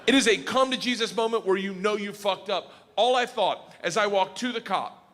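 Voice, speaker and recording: Animated man doing stand-up. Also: high voice, brisk. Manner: animated, loud, laughing through the story. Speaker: comedian. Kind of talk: stand-up storytelling. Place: theater stage. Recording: live hall with faint crowd noise. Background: faint audience.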